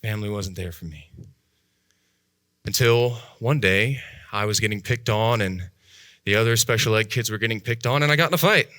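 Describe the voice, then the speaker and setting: A man telling his own life story in a talk, animated, jumping high in pitch and dropping to hushed tones as he acts out voices. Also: normal speed, pauses often, no echo, studio quality. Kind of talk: dramatic personal storytelling talk.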